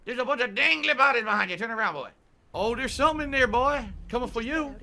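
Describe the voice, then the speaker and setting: A man playing a loud chicken colonel on a livestream, drawling and calling everyone boy. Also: very high-pitched, fast, gravelly, full character voice. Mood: mocking. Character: loud southern fried-chicken colonel, bossy old man. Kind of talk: livestream clip in costume character.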